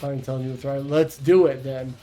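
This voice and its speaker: A man's voice: medium pitch, flat delivery, fairly quick, mellow, faint music behind, poor audio. A man chatting casually on a livestream, blunt and profane, rambling with restarts. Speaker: streamer.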